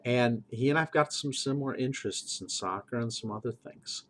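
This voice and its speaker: A man's voice: medium pitch, normal speed, a little hiss or hum, low-quality recording. A middle-aged man and game master, talking earnestly in a preachy monologue and repeating phrases for emphasis.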